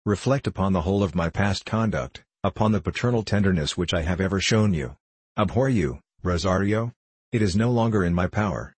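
A man's voice: low voice, a little mellow, husky, no echo. A man reading the part of a devout abbot, speaking with earnest, soothing persuasion. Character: tender, devout older male abbot.

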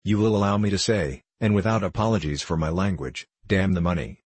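A man's voice: sits low, a little fast, slightly rough, no room sound. A man voicing a furious male townsman whose voice trembles with anger in an audiobook reading. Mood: angry.

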